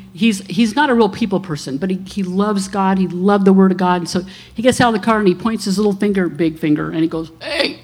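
A woman's voice: mid-range voice, a little mellow. Earnest woman in her sixties testifying. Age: 60s. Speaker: minister. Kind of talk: testimony to a church congregation.

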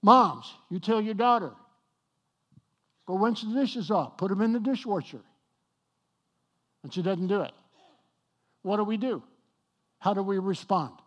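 Male pastor, high-pitched, emphatic sermon delivery with light banter to the congregation. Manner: emphatic, slows and rises on key points, jokes with the congregation. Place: church with congregation.

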